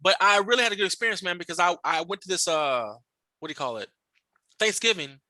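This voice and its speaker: Bright-voiced man telling stories. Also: sits high, fast talker, no room sound. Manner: animated, profane, acts out other people's voices. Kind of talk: casual storytelling chat. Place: podcast studio.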